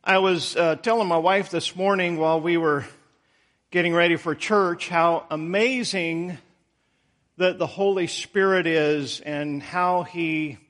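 A man who pastors a church, telling jokes and then preaching a sermon in a halting, reflective way. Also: on the high side, fairly bright tone.

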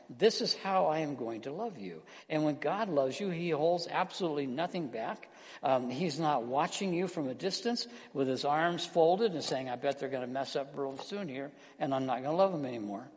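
A man preaching an earnest sermon as pastor, slowing down and softening his voice on key words. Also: a little high. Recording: long hall reverb.

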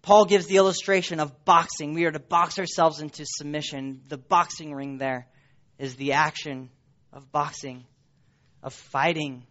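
A man preaching a sermon with emphatic repetition, his voice swinging up and dropping low for stress. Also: steady tone, moderate pace, a bit bright. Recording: dull lo-fi sound.

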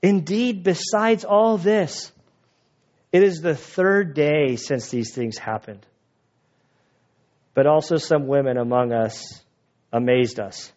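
A man's voice: fairly high pitch, slow, long pauses, a little mellow, muffled recording. A man preaching a sermon, retelling scripture casually and playfully, acting out lines of dialogue. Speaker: pastor.

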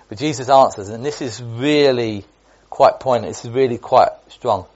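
A man gives an informal sermon, chatty and repetitive, often restarting his sentences. His voice sits at a middle pitch. The recording sounds slightly muffled and lo-fi. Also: normal speed, a little mellow. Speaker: Bible teacher.

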